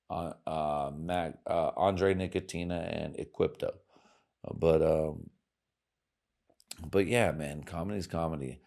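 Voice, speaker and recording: A man hosting a podcast, swearing through a crude, rambling monologue with sudden swings in loudness and pitch. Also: steady tone, takes it slowly, gravelly. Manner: loud swings in volume and pitch. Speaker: podcast host.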